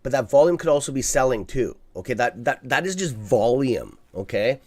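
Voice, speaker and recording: A man's voice: medium pitch, sing-song, normal speed, a little mellow. A man hosting a live stock market stream, talking casually and bluntly to his viewers, swearing freely and checking in with "okay?" as he rambles through restarts. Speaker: livestream stock trading host.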